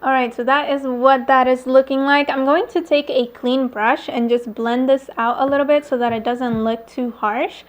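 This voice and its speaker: At home with airplanes passing nearby, a woman beauty vlogger walks through a relaxed makeup tutorial, chatting with lots of fillers and little laughs. She's high-pitched with a steady tone and moderate pace, hardly pausing at all.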